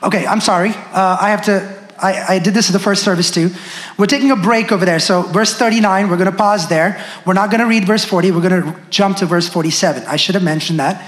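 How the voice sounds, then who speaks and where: A pastor giving a sermon in a church, slowing down hard to stress key phrases and hurrying through quick asides to the congregation. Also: mid-range voice. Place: church sanctuary. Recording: echoey hall with long reverb.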